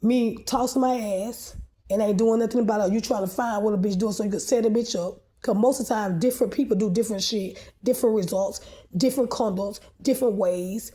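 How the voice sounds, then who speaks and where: A woman's voice: medium pitch, fairly quick, dark tone. A woman filming herself in a rambling, agitated, profane rant. She often restarts and repeats words as she presses her complaints. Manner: agitated, profane, confrontational ranting. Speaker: vlogger posting a video. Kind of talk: rambling monologue to camera.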